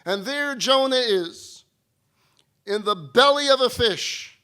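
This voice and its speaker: Bright-voiced rabbi telling humorous stories. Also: male voice, very high-pitched, slow pace, long pauses, clean tone. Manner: humorous storytelling. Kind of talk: sermon-style talk.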